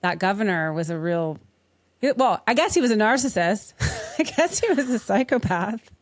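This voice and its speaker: A woman's voice: medium pitch, expressive, moderate pace, no echo. Woman podcast host, loose and sweary, laughs a lot, dead dry sound. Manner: chatty, swears freely, laughs often. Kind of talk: casual interview chat.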